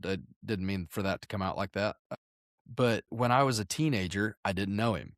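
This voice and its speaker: A man's voice: fairly low pitch, normal speed, no echo, clean studio sound. A man chatting on a podcast, telling crude stories in a rambling way and correcting himself as he goes. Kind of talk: casual podcast chat.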